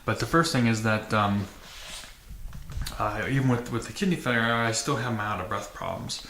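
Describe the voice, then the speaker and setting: A man's voice: on the low side, normal speed, a bit bright. A man hosting a dirt bike vlog, talking casually to camera with many fillers and restarts in a matter-of-fact way. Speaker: channel host. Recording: echoey room with faint noise.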